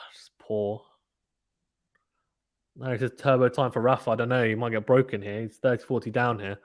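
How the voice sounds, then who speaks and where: A man hosting a live tennis watchalong stream, calling play-by-play with animated reactions and reading chat messages. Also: medium pitch. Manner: fast, animated play-by-play, reads chat aloud. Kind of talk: excited casual live commentary.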